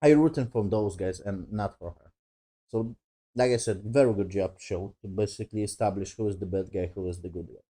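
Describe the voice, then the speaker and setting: Swearing man with a mellow voice. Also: on the low side, fairly quick, breathy edge. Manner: rambling, swears freely, paraphrases scenes loosely; broken non-native English grammar. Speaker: TV show reviewer. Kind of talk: casual spoken episode review.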